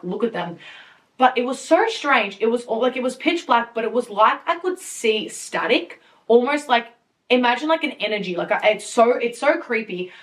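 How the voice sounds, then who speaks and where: A young woman hosting a podcast, telling a story in a casual, animated way, with lots of fillers, swearing and laughter. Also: fairly high pitch, distant mic. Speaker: podcast host. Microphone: podcast mic.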